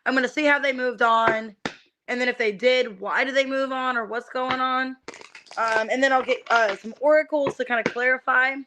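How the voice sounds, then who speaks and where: A woman's voice: high-pitched, fairly even intonation, moderate pace, background noise. A young adult woman reading tarot on a live stream, chatting casually with many fillers and greeting viewers by name.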